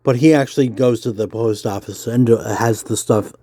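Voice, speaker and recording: Man, nerdy voice, mellow tone, easygoing read-aloud with fillers. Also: mid-range voice, normal speed, dry recording, studio quality. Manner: self-described nerdy voice, relaxed with fillers. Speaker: comics vlogger. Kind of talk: casual reading aloud while drawing.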